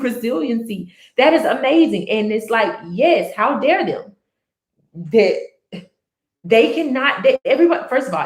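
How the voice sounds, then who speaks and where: A woman's voice: a little high, roomy sound. A woman vlogging in a casual, earnest way about her personal life, rambling with restarts and fillers. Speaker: book chat vlogger.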